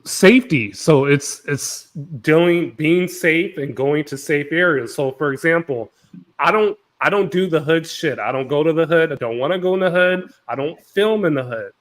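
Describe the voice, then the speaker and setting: Male panel host, a bit high-pitched, lively, quick to cut in. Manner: animated, cuts in often, repeats words. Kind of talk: live-stream panel talk.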